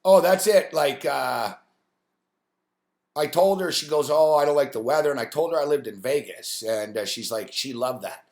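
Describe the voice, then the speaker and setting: A man hosting a live stream, telling a rambling, profane story about a coworker in a casual, animated way. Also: mid-range voice, normal speed, echoey room. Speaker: host.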